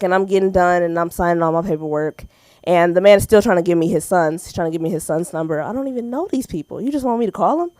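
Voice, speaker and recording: A woman's voice: mid-range voice, no room sound. A woman with an American accent doing a stand-up set at an open mic, telling stories and acting out the people in them. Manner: animated storytelling with acted-out quotes and laughs. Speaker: stand-up comedian.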